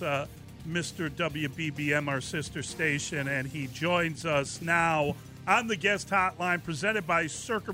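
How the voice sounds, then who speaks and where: A man hosting a sports radio show, talking in a laid-back, halting way with lots of fillers. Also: on the high side, sharp tone. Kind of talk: casual radio talk.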